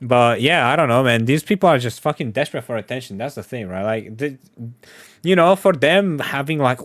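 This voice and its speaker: A man's voice: medium pitch, animated, brisk, no room sound, studio quality. A man giving casual, profane reaction commentary, peppering his talk with "bro" and laughing often. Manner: slangy, profane, laughs a lot, says "bro".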